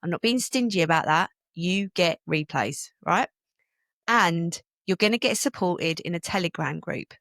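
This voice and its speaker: British woman in her forties, podcast host and coach, chatty and rambling, lowish voice, dry close mic. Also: normal speed, fairly bright tone, no room sound. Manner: chatty, rambling, gets emotional. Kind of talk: casual podcast monologue.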